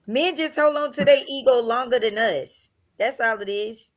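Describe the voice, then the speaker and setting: A woman's voice: fairly high pitch, moderate pace. A woman panelist in casual chat, playful and teasing.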